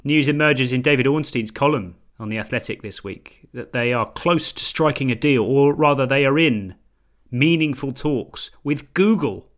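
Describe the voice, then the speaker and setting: A man's voice: medium pitch, a bit bright. A man hosting a football podcast, playful and teasing, often laughing. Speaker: podcast host. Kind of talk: casual chat.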